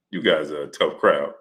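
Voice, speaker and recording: A livestream host with a bass voice and a fairly bright tone chats casually with his audience. He reads viewers' comments aloud in slang, calling each of them "brother."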